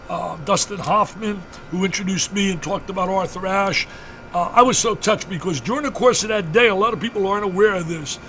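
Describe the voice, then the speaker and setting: An older man speaks in a high, piercing voice and talks with fervor, hammering his points home through repetition. He is a broadcaster giving a radio interview. Faint background noise runs under the recording. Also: a bit bright. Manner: fervent, repetitive, emphatic storyteller. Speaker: interview guest, basketball broadcaster. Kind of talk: emotional storytelling in a radio interview.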